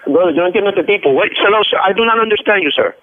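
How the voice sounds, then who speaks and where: A man's voice: high voice, lively intonation, racing. A man with a Spanish accent, a native Spanish speaker, takes a phone order as a restaurant worker, impatient and exasperated, slipping Spanish words into his English. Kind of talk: phone call. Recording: tinny phone line.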